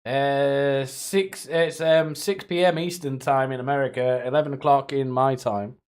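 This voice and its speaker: A man's voice: medium pitch, fairly even intonation, unhurried, clear, resonant tone. A man streaming live, chatting casually with viewers in a rambling, profane way, often laughing to himself.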